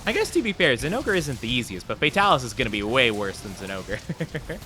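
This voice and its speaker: A young man chatting casually on a game live stream, playful and jokey, with bursts of mock self-pity and quick laughs. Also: medium pitch, big pitch swings, sharp tone, a little hiss or hum.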